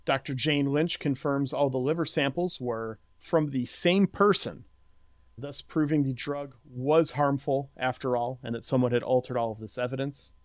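A man co-hosting a podcast, summarizing a movie's plot in a steady recap and chatting about it. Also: medium pitch, normal speed, no echo, clean studio sound. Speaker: podcast co-host recapping the film. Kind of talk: casual recap and chat.

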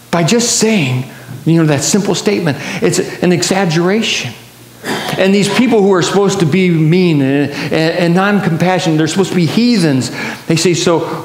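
A man preaches to his congregation, retelling an old story with lots of halting restarts and doubled words. His voice sits a little high for a man and rings out into a large, reverberant church sanctuary. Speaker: pastor. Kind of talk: sermon. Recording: echoey church hall.

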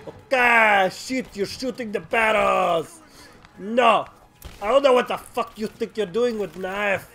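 Gameplay commentator, loud and excitable, lots of swearing, bright tone, drawn-out unhurried talk, swooping pitch. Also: faint music behind. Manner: excitable, yelling and taunting enemies, swears a lot. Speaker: let's play commentator.

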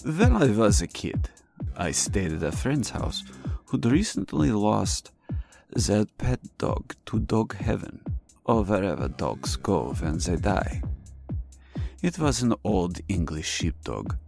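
A man telling a spooky childhood story in a put-on mock German accent, deadpan and crude. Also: fairly low pitch, slow pace, creaky, over music, exaggerated voice.

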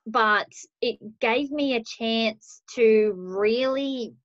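An Australian woman telling her own story on a video call, relaxed and unhurried with many pauses. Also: on the high side, dry recording. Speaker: guest speaker, business owner. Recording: dry dull lo-fi call audio.

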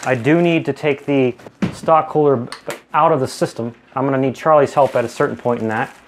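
A man walks through a hands-on build at home, talking plainly as he works. His voice sits at an ordinary middle pitch, and the tone stays casual and instructive. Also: steady tone, a little fast, background noise. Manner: explains steps plainly while working. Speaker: channel host building a PC.

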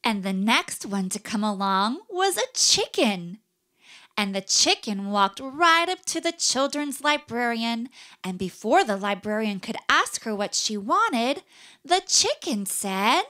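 A woman tells a children's puppet story in a bright, lilting voice. She speaks slowly and swoops her pitch widely for emphasis, leaning on key words. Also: sing-song. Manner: sing-song, exaggerated storytelling emphasis. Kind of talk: children's puppet show narration.

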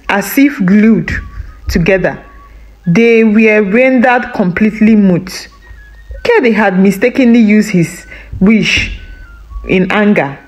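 A woman narrating a folktale in a dramatic, expressive storytelling manner. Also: mid-range voice, rough recording.

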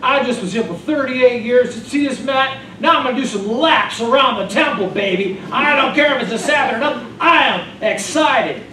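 A man preaching who voices an excited, brash healed man, in an echoey church heard from afar. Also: very high voice, normal speed, hardly any pauses, slight background noise. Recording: echoey room from far off.

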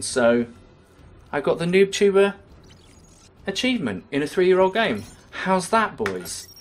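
Lively, sarcastic young gaming man. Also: fairly high pitch, a little hiss or hum. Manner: sarcastic, swearing, quick to rage and laugh. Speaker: gaming YouTuber. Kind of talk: live gameplay commentary. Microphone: webcam-recorded gaming setup.

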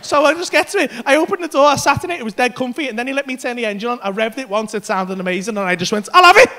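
A middle-aged man telling a sweary, animated story on a comedy club stage. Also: very high voice, racing. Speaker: stand-up comedian.

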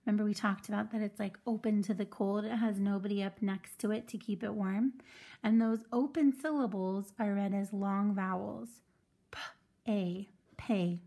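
A woman's voice: medium pitch, steady tone, moderate pace, gravelly, dark tone. A woman teaching a phonics lesson to children, patiently sounding out words syllable by syllable.

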